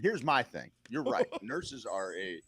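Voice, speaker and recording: A man co-hosts a casual podcast and trades sardonic jokes, swearing freely. His pitch swings around a lot, rising and dropping as he riffs. The delivery is loose and joking. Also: sing-song, unhurried, a bit bright, slightly rough, no echo. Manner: sardonic, profane, jokey. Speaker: podcast co-host. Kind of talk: casual chat.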